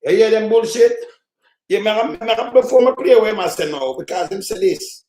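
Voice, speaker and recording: High-voiced Jamaican man ranting angrily. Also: expressive, normal speed, mellow, roomy sound. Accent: Jamaican Patois. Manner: heated, profane, scolding rant. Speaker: political commentator. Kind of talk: reaction commentary on played clips.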